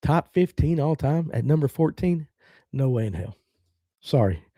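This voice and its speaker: A man's voice: a little high, lively intonation, moderate pace, warm tone, no echo, clean studio sound. A middle-aged man from the American South, hosting a fishing podcast in casual live-stream chat, blunt and opinionated as he reads out viewer comments.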